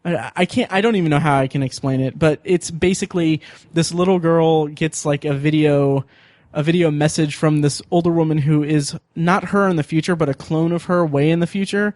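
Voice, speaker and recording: A man with a slightly high voice hosts a podcast, rambling eagerly with lots of ums and self-corrections. The sound is close and dry, with no room in it. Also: brisk, dry recording. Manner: rambling, excitable, many fillers and restarts. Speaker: podcast host. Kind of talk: casual chat.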